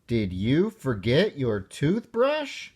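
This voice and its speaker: A man reading aloud and voicing a caring frog mother who gently reminds her son of things. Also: medium pitch, wildly swooping pitch, slow pace, husky, full character voice. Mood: gentle.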